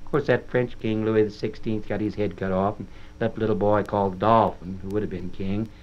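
A man's voice: fairly low pitch, fairly even intonation, a little fast. A man giving a folksy dramatic reading as a boy narrator, in plain-spoken rural dialect, on a dull old record.

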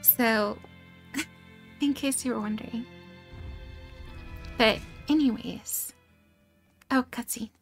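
A woman hosting a let's play with dry, sarcastic commentary, a little hoarse as if she has a frog in her throat. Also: fairly high pitch, slow, long pauses, faint music behind. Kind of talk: gameplay commentary.

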